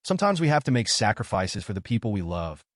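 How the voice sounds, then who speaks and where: A man's voice: fairly low pitch, very animated, fast talker, no room sound, studio quality. A man voicing a hurt, stubborn middle-aged father who sounds strained and bitter.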